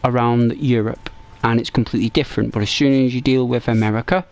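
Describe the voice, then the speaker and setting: A man with an English accent talks over a game in a loose, chatty way, at a middle pitch for a man. He circles back on his own words and restarts sentences. When a story gets going, his voice lifts and quickens. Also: no echo. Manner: rambling, chatty, repeats and restarts phrases; gets animated and higher when telling stories. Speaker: gaming streamer. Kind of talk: casual gameplay commentary.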